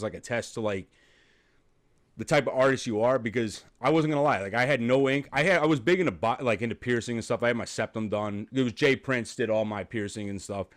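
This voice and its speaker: Chatty male podcast host, mid-pitched. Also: fairly quick. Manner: chatty storyteller, laughs a lot, swears casually. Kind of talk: casual chat.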